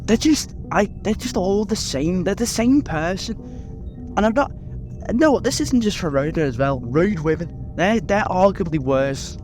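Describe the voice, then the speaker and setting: A man's voice: high voice, lively intonation, unhurried, music in the background. A British man narrating an exasperated, sweary rant. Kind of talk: ranting commentary.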